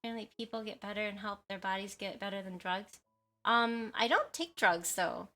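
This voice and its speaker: A woman's voice: medium pitch, brisk, bright, forceful tone, faint music behind. A woman streamer chatting casually with viewers, rambling with lots of fillers, giggles and apologies. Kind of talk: casual livestream chat with viewers.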